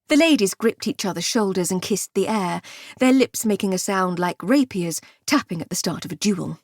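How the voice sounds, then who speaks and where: A woman narrating an audiobook with expressive, wry comic storytelling. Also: mid-range voice, brisk, no room sound, studio quality. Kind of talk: scripted narration.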